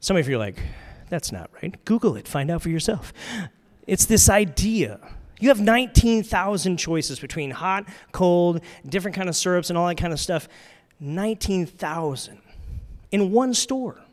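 A man with a fairly high voice delivers a casual, chatty sermon. He keeps turning to his listeners with questions. He shifts between loud, bright storytelling and quiet, hushed reflection. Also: animated, moderate pace. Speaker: pastor. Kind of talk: conversational sermon.

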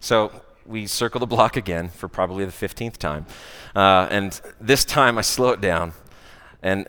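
A man with an American accent, a worship director giving a conversational sermon with a personal story, often pausing on "uh" and asking "right?". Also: on the low side, a bit bright. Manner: conversational, many "uh" fillers and "right?" asides. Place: church or worship hall. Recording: long church-hall reverb.

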